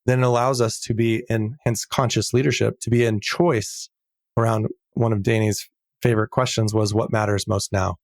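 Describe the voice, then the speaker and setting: A middle-aged man talking as a podcast guest in a casual interview, earnest and reflective, slowing down to stress key words. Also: on the low side, level tone, no room sound, clean studio sound.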